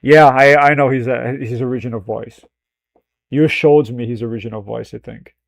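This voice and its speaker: A man's voice: mid-range voice, steady tone, normal speed, gravelly, no room sound, studio quality. A man streaming casual reaction commentary, rambling, swearing freely and laughing at himself. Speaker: streamer reacting to a film clip.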